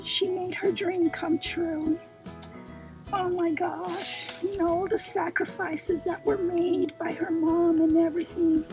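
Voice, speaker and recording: A woman's voice: extremely high pitch, warm tone. A woman hosting a craft channel, chatting through an unboxing, gushing and exclaiming often and wandering off on tangents. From New York. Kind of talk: unboxing vlog chat.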